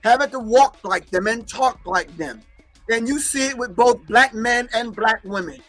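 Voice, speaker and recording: An emphatic male host breaks down archival clips, preaching and repeating key phrases for emphasis. His voice sits very high for a man. Faint music plays underneath him. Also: normal speed, fairly bright tone. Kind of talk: commentary on a recorded lecture.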